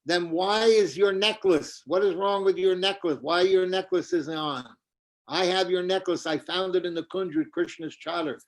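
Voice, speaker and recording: A man voicing a jealous young woman who scolds and accuses in a shrill, triumphant way. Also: steady tone, brisk, hardly any pauses. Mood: accusing. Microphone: video call.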